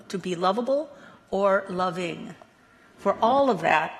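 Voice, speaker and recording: Bright-voiced woman minister preaching. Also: lowish voice, husky, long reverb tail. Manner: playful, animated, chuckles at her own asides. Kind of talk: Sunday sermon. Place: church sanctuary.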